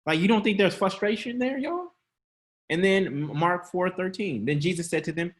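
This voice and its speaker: A man's voice: sits high, expressive, normal speed. A man preaching a sermon to an online congregation, talking in a conversational way, laughing often and calling out to his listeners. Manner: conversational, laughing, calls out to the audience.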